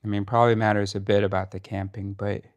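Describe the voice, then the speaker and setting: A man's voice: lowish voice, level tone, fast. A man arguing with his partner in a casual conversation, pressing his points in a sarcastic, challenging way. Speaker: partner in a debate. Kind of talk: casual argument between partners.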